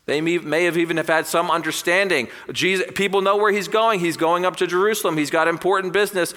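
A man preaching an earnest sermon, swinging between loud emphatic lines and hushed ones. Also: high-pitched, fast talker, hardly any pauses, long reverb tail. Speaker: pastor.

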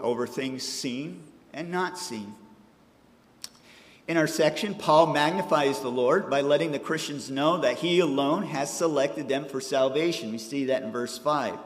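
A man's voice: medium pitch, big-room sound. A middle-aged man preaching a sermon, shifting into a conversational, story-telling manner with casual fillers. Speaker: pastor.

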